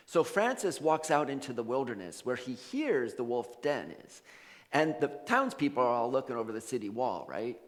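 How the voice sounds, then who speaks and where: A man's voice: medium pitch, brisk. A man preaching a sermon, telling a story casually and acting out the characters' voices. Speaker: minister. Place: church sanctuary. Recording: long hall reverb.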